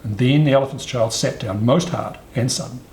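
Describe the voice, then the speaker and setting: A man reads a storybook aloud in an expressive, sing-song way. His voice is mid-pitched with a creaky grain, and it rings in a roomy space with faint ambience behind. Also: a little fast, a little hiss or hum.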